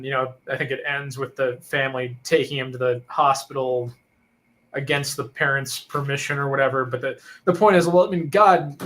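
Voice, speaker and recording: A man's voice: medium pitch, fairly bright tone. Guy on a faith podcast, agreeable, stumbles a bit before he gets going. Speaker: podcast co-host. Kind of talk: casual faith discussion.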